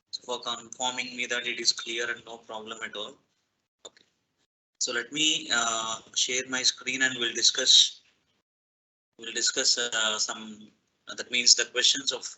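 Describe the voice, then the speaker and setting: A man's voice: medium pitch, sharp tone, poor audio. A man teaching an online class through his laptop microphone, politely checking that students can hear him. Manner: polite, checks often whether he is heard. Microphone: laptop microphone on a video call.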